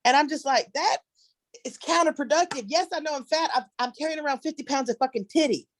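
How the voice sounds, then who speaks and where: A woman's voice: high voice, fast talker, dry recording. A middle-aged woman doing a brash, profane, rambling stand-up set. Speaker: headlining comedian. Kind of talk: stand-up set on a video call.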